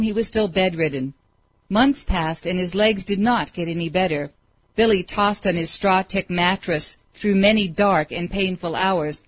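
A woman narrating a story as an audiobook, with steady, dramatic read-aloud pacing. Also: on the low side, breathy edge, no echo. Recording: dry, dull lo-fi recording.

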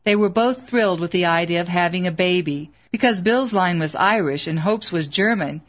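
A woman narrating an audiobook in a measured, earnest way, in a slightly dull lo-fi recording. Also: fairly low pitch.

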